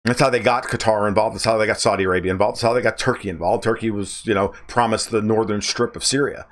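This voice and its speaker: Male podcast host, low pitch, rambling and profane, opinionated commentary. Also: steady tone, fast talker. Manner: rambling, blunt, profane, with many restarts. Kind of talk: political commentary monologue.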